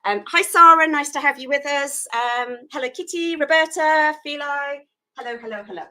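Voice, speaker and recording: A woman's voice: sits high, normal speed, pushed and bright, low-quality recording. A woman hosting a live food photography tutorial, chatty and self-deprecating while she works hands-on.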